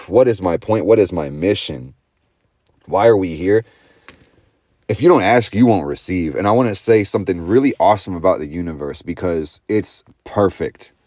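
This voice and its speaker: A man's voice: low voice, darkish tone, no echo. A young man in a profane, intense motivational astrology monologue, full of slang and swearing. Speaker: astrology vlogger.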